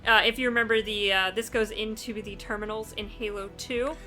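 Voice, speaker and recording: A woman co-hosting a casual podcast chat, animated and playfully acting out characters as she recaps. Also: medium pitch, a little fast, music in the background. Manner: animated, acts out characters with exaggerated quips. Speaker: podcast co-host.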